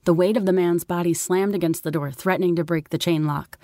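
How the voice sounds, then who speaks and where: A woman's voice: fairly low pitch, steady tone, fairly quick, warm tone, dry recording, studio quality. A woman reading a first-person story in a wry, sardonic way. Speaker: narrator. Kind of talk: first-person audiobook narration.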